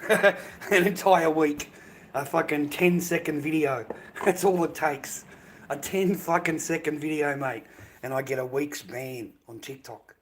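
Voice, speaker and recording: Australian man, live-stream rant, swears a lot, rambling, dismissive, mid-pitched voice, faint background noise.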